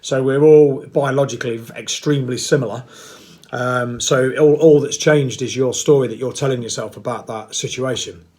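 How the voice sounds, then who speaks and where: A man's voice: mid-range voice, steady tone, normal speed, darkish tone. A middle-aged man talking casually to camera, blunt and rambling and sometimes mocking himself. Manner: rambling, blunt and self-mocking, with playful put-on voices. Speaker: vlogger.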